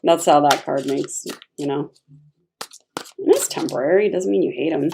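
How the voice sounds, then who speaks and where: A woman gives a casual tarot reading in a mellow, warm voice. She is chatty and expressive, laughing often and talking as if to a friend. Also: low-pitched, normal speed, gravelly, a little hiss or hum. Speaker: tarot reader.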